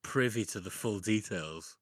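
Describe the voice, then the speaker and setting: Low-voiced podcast co-host. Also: male voice, measured pace. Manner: conversational, leans on "you know". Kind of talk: casual book discussion.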